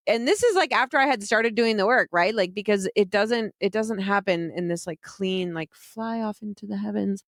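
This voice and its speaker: A woman's voice: mid-range voice, animated, moderate pace, hardly any pauses, no echo, clean studio sound. A woman telling her own story frankly, laughing often and poking fun at herself. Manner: frank, self-mocking, laughs often, casual swearing. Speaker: vlogger telling a personal story. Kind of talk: candid personal storytelling.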